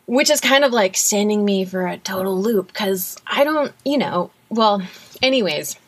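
Woman guest, composer, medium pitch, animated, rambling, laughing. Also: normal speed, husky. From USA. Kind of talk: casual conversation.

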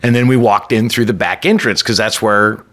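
A man's voice: lowish voice, moderate pace, a bit bright. A man telling a personal story in a loose, conversational way, full of "like" and small restarts. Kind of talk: personal story told casually.

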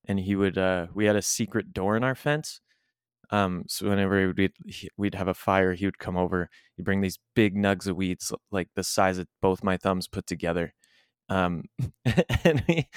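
A young man chatting casually as podcast co-host, animated and rambling, laughing often. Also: fairly low pitch, clear, resonant tone, no room sound, studio quality. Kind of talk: casual chat.

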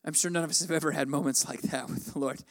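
A man in his forties gives a conversational sermon. His voice sits high for a man. He slips into the people of the story as he quotes them. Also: fairly even intonation, fast. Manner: conversational, acts out quoted lines with raised pitch. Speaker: pastor.

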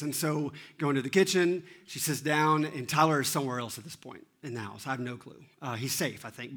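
A man's voice: fairly high pitch, pushed and bright. A man preaching a sermon as teaching pastor, telling a story about his children with self-deprecating humor and acting out their lines.

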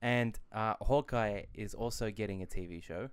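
A man's voice: on the low side, moderate pace, clear, resonant tone, no room sound. A young man hosting a casual podcast, eagerly sharing news and laughing easily. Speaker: podcast host. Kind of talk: casual chat.

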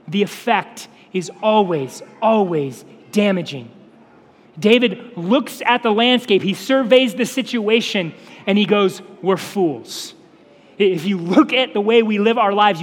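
Casting note: young male pastor, high voice, emphatic sermon delivery, big echoing sanctuary sound. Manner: earnest, emphatic preaching with repetition. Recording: long hall reverb.

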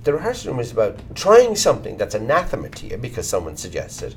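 Blunt Irish man, lively swings in pitch. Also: fast talker, slight background noise. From Ireland. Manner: blunt, swears casually, animated storyteller. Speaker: actor, guest. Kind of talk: candid conversational interview.

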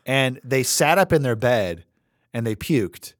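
A man in his thirties co-hosts a podcast in easy, casual chat. He is animated and laughs often, and his pitch rises and falls widely as he slips into other people's voices. The sound is close and dry, with no room echo. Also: measured pace. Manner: animated, laughing, mimics voices when telling stories. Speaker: podcast co-host.

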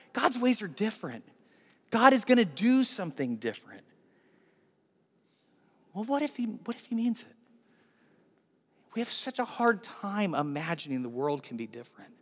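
A man in his forties delivers a sermon in a bright, high-pitched voice. He drops to hushed tones, then climbs to loud, animated emphasis. The sound carries a long hall reverb, like a church sanctuary. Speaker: pastor.

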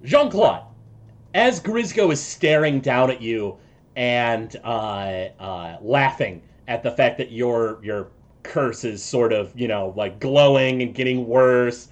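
Man, game master, tabletop game narration, halting, lots of uh and like, middle pitch. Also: expressive. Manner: halting, many fillers and restarts.

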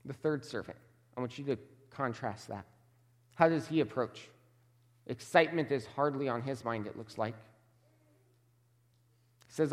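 A man's voice: a little high, big pitch swings. Emphatic male pastor in a reverberant hall. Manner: emphatic, measured, slows for stress. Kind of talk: sermon.

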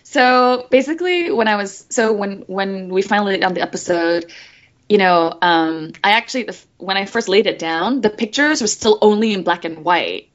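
A woman who voices animated characters, chatting in a guest interview in a bubbly, giggly way and acting out the voices she quotes. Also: medium pitch, lo-fi sound. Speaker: guest voice actress. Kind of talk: casual interview chat.

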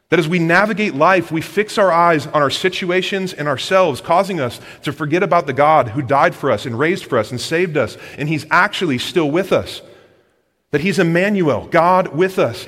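A man preaching a sermon to his congregation, moving between hushed earnest passages and loud excited ones and putting questions straight to the listeners. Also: a little high, slightly rough. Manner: asks the congregation direct questions. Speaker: pastor. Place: large church hall with congregation. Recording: long hall reverb.

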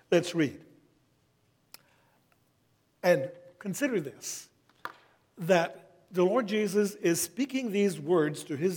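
A middle-aged man preaching a sermon as pastor, speaking in a measured, earnest way and reading scripture slowly. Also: sits high, a little mellow, slightly rough.

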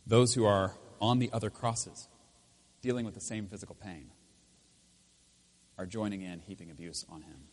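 A man preaching a sermon as pastor in a church, swinging between loud emphatic lines and quiet intense ones. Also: lowish voice, steady tone, normal speed, pauses often. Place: church with speakers.

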